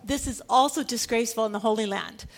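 Woman preacher, high voice, animated storyteller who laughs often as she teaches. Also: quick pace. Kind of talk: sermon.

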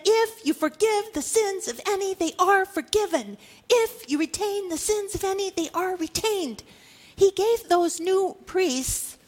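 A woman in her fifties preaching a sermon, animated, moving between loud exhortation and low hushed asides. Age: 50s.

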